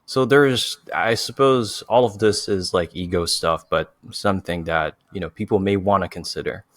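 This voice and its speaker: A native French speaker hosts a relaxed chat in English, his voice low and steady. He strings thoughts together with likes and you knows. The recording is close and dry. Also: moderate pace, no echo. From France. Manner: chatty, filler-heavy with many likes and you knows. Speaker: host. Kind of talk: casual conversation.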